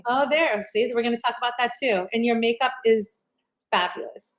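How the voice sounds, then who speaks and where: A woman's voice: fairly high pitch, normal speed, rough recording. A woman hosting a casual interview over a video call, chatty and upbeat, talking her plans aloud and repeating herself as she goes. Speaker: host.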